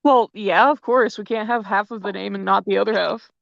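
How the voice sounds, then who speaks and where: A woman's voice: mid-range voice, fairly even intonation, brisk, creaky, a bit bright, no room sound, muffled recording. A woman hosting a casual interview, playful and giggly as she asks questions. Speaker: interview host.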